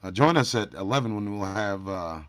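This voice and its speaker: A man's voice: lowish voice, lively intonation, normal speed, fairly bright tone, no echo. A man hosting a casual livestream, joking and teasing his chat, often trailing off into mumbles. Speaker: livestream host.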